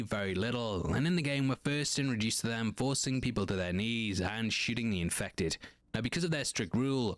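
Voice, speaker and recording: Measured man narrating a dry breakdown. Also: mid-range voice, fairly bright tone, dry recording. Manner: measured, analytical. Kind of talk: scripted narration.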